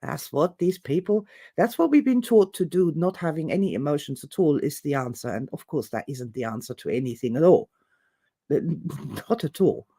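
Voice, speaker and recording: A presenter with a low voice and a breathy edge speaks at a normal speed in an opinionated, theatrical monologue. She's animated and digressive, acting out other people's reactions and quotes.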